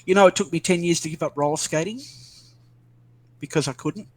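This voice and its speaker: A man's voice: a little high, fairly quick. An older Australian man chatting casually, rambling and self-deprecating with many restarts. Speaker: interviewee. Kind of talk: casual video call chat.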